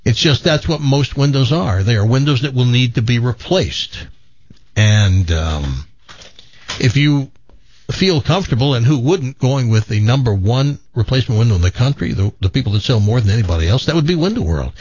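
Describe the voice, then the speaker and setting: A man's voice: medium pitch, expressive, moderate pace, a little mellow, no room sound, dull audio. A man with a Southern American accent hosting a radio show, chatting and reading ads with jokey asides. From Tennessee. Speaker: radio host. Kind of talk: radio talk and live ad read.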